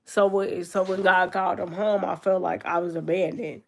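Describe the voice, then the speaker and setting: Young woman vlogger, home room, gravelly fry, loose reflective chat. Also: on the low side, level tone, normal speed. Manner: reflective, loose and conversational, many fillers. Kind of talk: casual talk to camera. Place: her grandmother's room at home.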